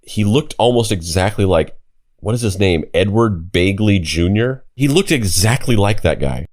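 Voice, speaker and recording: A man's voice: on the low side, animated, normal speed, darkish tone. A young man co-hosting a podcast, telling a story casually with lots of "like" and the odd swear. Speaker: podcast co-host. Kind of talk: casual chat.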